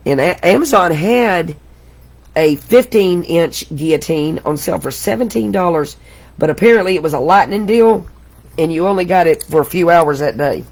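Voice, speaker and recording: Chatty middle-aged woman with a gravelly edge. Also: on the low side, animated, normal speed, darkish tone. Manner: chatty, exclamatory, laughs at herself. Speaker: crafting host. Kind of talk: live craft tutorial chat.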